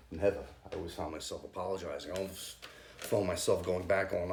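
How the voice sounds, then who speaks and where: A man, a youth group leader, giving a halting, nervous personal faith testimony full of ums. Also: low voice, fairly even intonation, darkish tone, roomy sound, a little hiss or hum. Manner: hesitant, halting, many ums.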